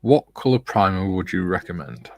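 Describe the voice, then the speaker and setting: A man's voice: deep voice, big pitch swings, normal speed, creaky, a little mellow. A man hosting a casual live model-building stream, reading out viewer comments and greeting them.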